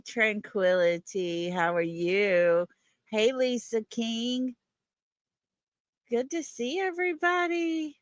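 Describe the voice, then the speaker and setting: A woman's voice: on the low side, no room sound. A woman hosting a livestream, greeting viewers one by one in a folksy way. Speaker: livestream host. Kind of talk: casual livestream chat.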